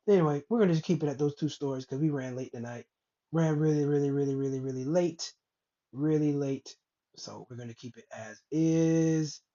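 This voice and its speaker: Woman ranting bluntly, dull lo-fi sound. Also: sits low. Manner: blunt, rambling, profane, animated asides. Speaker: host of a commentary show. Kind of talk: casual ranting commentary. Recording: dull lo-fi recording.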